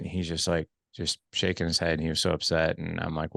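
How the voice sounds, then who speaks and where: Deep, gravelly-voiced man hosting a podcast. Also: level tone, fast talker, a bit bright, dry recording, clean studio sound. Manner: earnest, reflective, with frequent restarts and repeated words. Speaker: podcast host. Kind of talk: podcast conversation.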